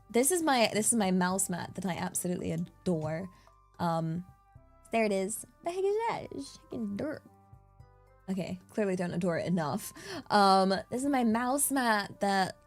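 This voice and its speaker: A woman streamer chatting casually with her viewers, bubbly and giggly, easily excited. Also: mid-range voice. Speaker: VTuber streamer. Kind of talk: casual live-stream chat.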